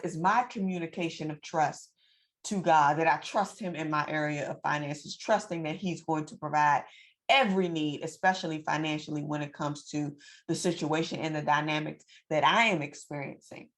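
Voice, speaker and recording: A woman telling a personal story to her viewers in a lively, preacherly way, repeating phrases for emphasis. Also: low-pitched. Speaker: financial coach and vlogger. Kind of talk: casual storytelling to camera.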